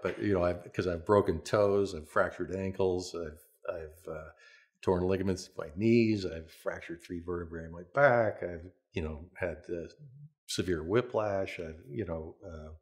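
An older man with a very low voice recalls his working life in a relaxed, storytelling way. He restarts his sentences often and chuckles as he talks, like someone being interviewed about a long career. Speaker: veteran stunt performer and coordinator.

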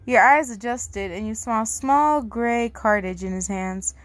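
A woman reading a fan fiction aloud to her audience, casual and outspoken, reacting loudly and swearing. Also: on the high side, measured pace, no echo. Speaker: story reader.

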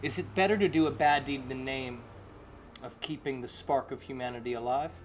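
A man's voice: mid-range voice, brisk, slight background noise. Rambling, jokey man guest. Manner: rambling, jokey, slips into silly put-on voices. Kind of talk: comedic casual chat.

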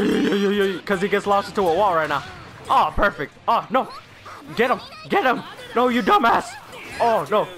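A man's voice: sits high, fairly bright tone. A young man giving casual gameplay commentary, trash-talking his opponents with a laugh and frequent swearing. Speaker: gaming YouTuber. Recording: faint game music behind.

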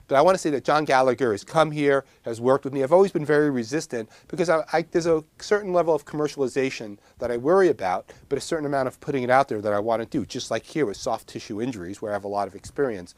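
A man's voice: mid-range voice, no echo. A man from Long Island with a New York accent, teaching herbal first aid in a casual, digressive filmed lecture with self-deprecating asides. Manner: gestures a lot while talking.

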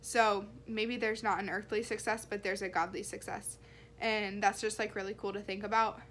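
A young woman talks straight to her camera in a casual, earnest way. She rambles and fills pauses with likes and ums, in a middle-pitched voice. A faint low rumble sits under the recording. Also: little pitch movement, fairly bright tone. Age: young adult. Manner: earnest, rambling, many fillers. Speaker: vlogger. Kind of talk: casual faith vlog.

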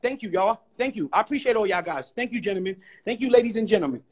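Brief: high, husky-voiced man, brash livestream bragger, repeats boasts fast. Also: expressive. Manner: loud, boastful, trash-talking, repeats himself. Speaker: live stream guest.

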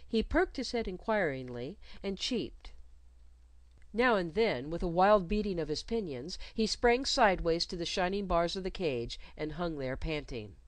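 Woman narrator for a read-aloud story, low-pitched with a lively lilt, close dry sound. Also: no echo. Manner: expressive, measured reading.

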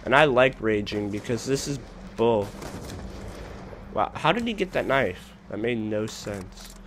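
Young male gamer, slow-talking, excitable, light background hiss. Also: on the low side. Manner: excitable, trash-talking, swings between mumbling and shouting. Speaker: gaming channel host. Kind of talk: casual gameplay commentary.

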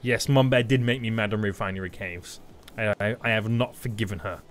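A young British man giving live commentary while playing a game, excitable and prone to sudden loud yelps and shouts. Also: lowish voice, brisk, faint music behind. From Britain. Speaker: gaming YouTuber.

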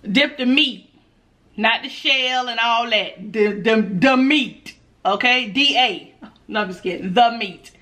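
A woman's voice: fairly high pitch, slow pace, bright, forceful tone. A woman food vlogger, chatting casually and nervously to her viewers, laughing often. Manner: nervous, giggly energy. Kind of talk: casual mukbang vlog.

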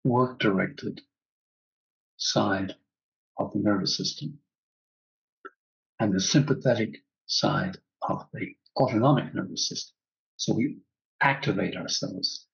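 A man leading a guided breathing class, giving calm, soothing instructions at an unhurried pace. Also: lowish voice, gravelly, husky, muffled recording. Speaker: breathwork teacher.

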